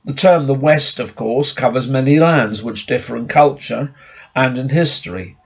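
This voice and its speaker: Husky man giving a formal sermon. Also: medium pitch. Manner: measured, formal lecturing tone. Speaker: preacher.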